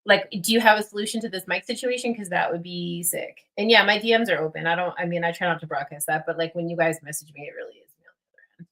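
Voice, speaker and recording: A young woman hosting a casual livestream, rambling with many fillers and getting excited. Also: lowish voice, fast, hardly any pauses. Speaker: livestream host.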